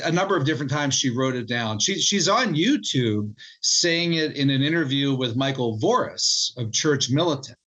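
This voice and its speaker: A man's voice: medium pitch, a bit bright, poor audio. Earnest man recounting sources. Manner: earnest, restarts and repeats words. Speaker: book co-author guest. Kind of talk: interview storytelling.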